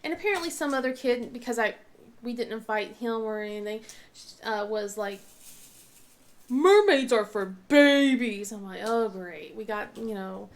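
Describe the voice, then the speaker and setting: A woman's voice: mid-range voice, moderate pace. A woman in her thirties chatting casually while she crafts, rambling with many restarts and sore-mouthed. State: mouth in pain. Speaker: vlogger and crafter.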